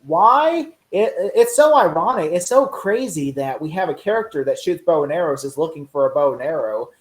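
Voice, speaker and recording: An excitable man chatting casually as a co-host. He laughs often and jumps into high voices to act out scenes. The room around him is echoey. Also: normal speed. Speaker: podcast co-host. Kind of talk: casual chat.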